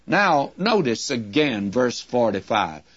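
A man preaching a sermon-style Bible lesson, measured and explanatory, calling his listeners friends. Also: mid-range voice, big pitch swings, fairly bright tone. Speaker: Bible teacher. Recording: dull lo-fi recording.

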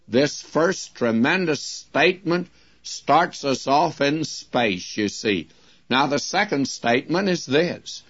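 Slow emphatic male Bible teacher. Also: mid-range voice, fairly bright tone, highs cut off. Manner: slow, emphatic, addresses listeners as friends.

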